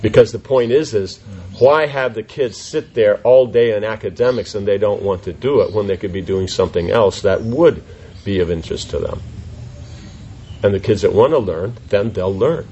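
Man teaching a class, lowish voice, lively and rhetorical; muffled, faintly noisy room recording. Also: moderate pace. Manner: animated, rhetorical questions, mock voices. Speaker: spiritual teacher answering questions. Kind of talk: informal class Q&A.

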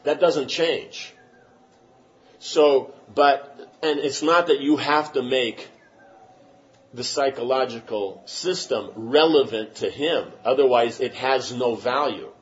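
A man's voice: mid-range voice, takes it slowly, lo-fi sound. Man giving a rambling emphatic lecture. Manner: rambling, emphatic, with many restarts. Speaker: spiritual teacher. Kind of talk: lecture answering questions.

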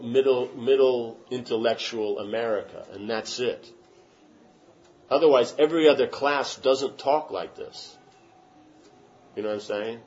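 A man's voice: mid-range voice, highs cut off, slight background noise. A man teaching a class and answering questions, talking in an emphatic, rambling way with many restarts. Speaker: spiritual teacher.

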